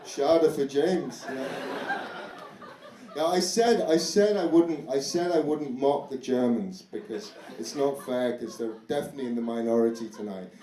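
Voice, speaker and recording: Comedian in an echoey, noisy club. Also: male voice, medium pitch, moderate pace, dark tone. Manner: chatty, self-deprecating, slips into mock foreign voices. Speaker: stand-up comedian. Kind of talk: stand-up comedy set. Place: comedy club in front of a live audience. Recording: echoey club with audience noise.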